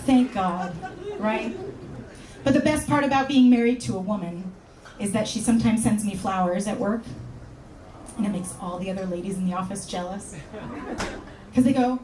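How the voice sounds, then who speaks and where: A woman from California performing a stand-up comedy set on a club stage, with wry, deadpan asides and sudden high exclamations. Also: moderate pace, long pauses, a little hiss or hum. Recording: roomy club sound from far off.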